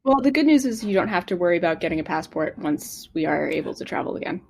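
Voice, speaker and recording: A woman from the United States talks as a guest on a casual podcast. Her voice sits a little low for a woman. She rambles along with many fillers and little laughs. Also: lively intonation, fast talker, gravelly. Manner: rambling, full of "like" and soft laughs.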